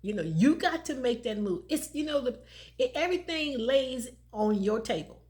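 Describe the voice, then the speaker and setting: A woman's voice: fairly high pitch, animated, slow, pauses often, a little mellow. Laughing woman telling a life story. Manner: conversational, laughs often, repeats phrases for emphasis. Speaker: motivational vlogger. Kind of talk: personal storytelling talk.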